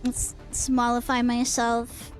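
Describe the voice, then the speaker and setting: A woman's voice: a little high, monotone, slow, soft background music. A woman streamer chatting casually and teasingly, rambling with lots of fillers as she talks to her chat. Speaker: VTuber streamer.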